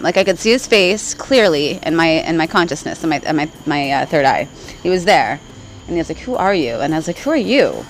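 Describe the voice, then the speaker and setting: A woman's voice: medium pitch, poor audio. A woman vlogger telling a spiritual story in casual, rambling talk, often checking in with "right?" and laughing along the way. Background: faint crickets.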